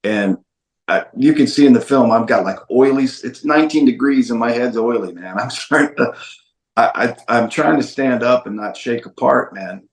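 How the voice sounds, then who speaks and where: A man's voice: medium pitch, normal speed, roomy sound. A man, a documentary filmmaker guest, tells a story in an interview with emphatic repetitions. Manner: emphatic, repeats phrases for stress.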